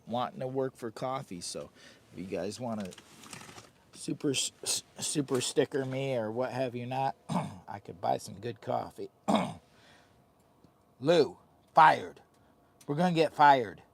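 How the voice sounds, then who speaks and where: A man's voice: medium pitch, moderate pace, gravelly, a little mellow. A man hosting a casual camping vlog from inside a heated tent. He talks in a goofy, rambling, hyped-up way into a phone camera. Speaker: vlogger host.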